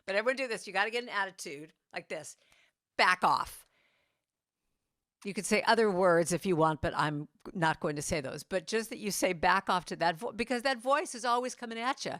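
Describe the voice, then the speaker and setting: Woman giving a warm, chatty church talk. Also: mid-range voice, no echo, studio quality. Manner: warm conversational, coaxing the congregation, soft tender asides. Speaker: guest speaker and singer. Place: church sanctuary.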